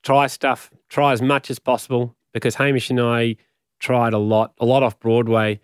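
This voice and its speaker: A man in his forties with an Australian accent, telling animated anecdotes as a guest and laughing often. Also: mid-range voice, normal speed, clear, resonant tone, no echo, clean studio sound. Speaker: radio and podcast host, guest. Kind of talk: casual storytelling.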